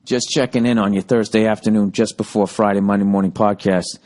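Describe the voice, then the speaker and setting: A man's voice: on the low side, steady tone, fairly quick, a little mellow. A man in his forties with a Boston accent, hosting a casual solo podcast, reading listener emails and ranting with profane, sarcastic asides. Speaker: podcast host.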